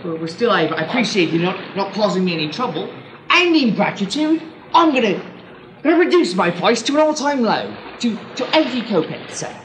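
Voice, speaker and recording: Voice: mid-range voice, very animated, brisk, a bit bright, poor audio. A performer playing a wheedling, stammering hustler who keeps calling the listener "sir", on an amateur home tape. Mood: ingratiating. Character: wheedling street hustler who stages his own drowning. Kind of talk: amateur radio-play acting. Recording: hissy home tape recording.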